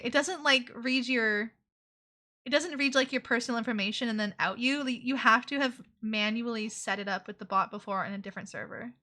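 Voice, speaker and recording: Bright, playful woman streamer. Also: on the high side. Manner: playful, hums nonsense syllables and chats with viewers. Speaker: VTuber streamer. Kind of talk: casual livestream chat while drawing.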